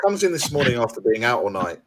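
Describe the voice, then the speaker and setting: A man, mid-pitched, tells a rambling podcast anecdote. He leans on fillers and acts out the quoted dialogue in his story. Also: big pitch swings, fast talker, crowd noise. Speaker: podcast co-host. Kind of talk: casual chat.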